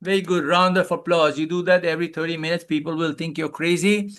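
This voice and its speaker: Man, webinar coach, high-pitched, playful, commanding, video call. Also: fairly even intonation, fast. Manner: loud, playful, leads laughter exercises with repeated commands. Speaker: wellness coach, webinar speaker. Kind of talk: energetic live webinar coaching.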